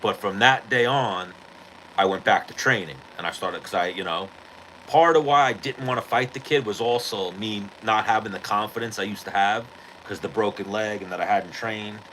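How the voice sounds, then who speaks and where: A man hosting a podcast, telling a rough story in a low, forceful, bright voice. He is profane and animated, with a faint hiss of noise behind him. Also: normal speed, poor audio. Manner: profane, animated retelling of a street fight. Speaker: podcast host. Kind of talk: casual storytelling.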